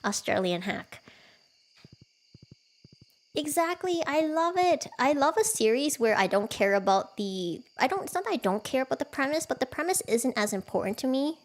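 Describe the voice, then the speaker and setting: A woman streaming a cozy farming game from home, chatting casually with her viewers, giggling often and poking fun at herself. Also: medium pitch. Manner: chatty, giggly, self-deprecating.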